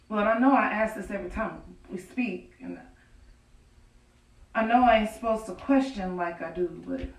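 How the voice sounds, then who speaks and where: An actress playing an enslaved widow from the old South, speaking a folksy, confiding prayer to God in a theatrical monologue, recorded outdoors on a farm. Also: female voice, medium pitch, lightly acted. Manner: folksy, confiding, breaks into rueful laughter. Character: grieving enslaved widow, earthy, wry, defiant. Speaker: stage actor in a historical monologue. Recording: distant, echoey outdoor stage recording.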